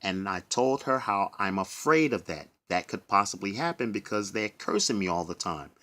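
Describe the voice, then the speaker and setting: A man's voice: fairly low pitch, lively intonation, moderate pace, bright, forceful tone. A man who works as a bus driver tells his own story of trouble at work, emotional and acting out what others said. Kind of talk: personal testimony to camera.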